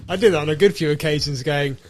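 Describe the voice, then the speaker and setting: A man's voice: fairly high pitch, fast, a little mellow. Wry laughing man on a podcast. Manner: laughs while talking, wry. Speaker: guest, former video store worker. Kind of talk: casual chat.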